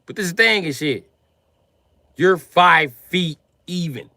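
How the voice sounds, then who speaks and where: A man's voice: a little high, lively intonation, measured pace, sharp tone, no echo, studio quality. A man doing a profane, mocking comedy rant on a live stream, often laughing as he talks.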